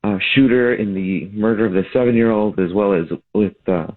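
A man, a city alderman, speaking as a guest in a radio interview with steady, critical comments. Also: fairly low pitch, a little fast. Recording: tinny phone line.

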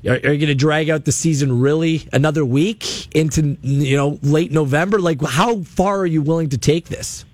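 A man hosting sports talk radio, chatty and animated, taking calls from listeners. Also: fairly high pitch, moderate pace, few pauses, dry recording. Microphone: studio mic.

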